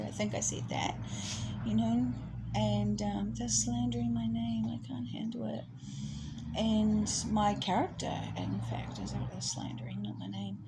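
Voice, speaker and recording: A woman giving a rambling, chatty spiritual talk, with laughs and soft asides. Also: on the high side, very noisy. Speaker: astrology presenter.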